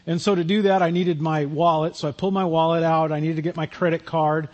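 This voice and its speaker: A man's voice: fairly high pitch, steady tone, quick pace, darkish tone, muffled recording. A man preaching a sermon, telling a self-deprecating personal story in a conversational way. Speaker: pastor.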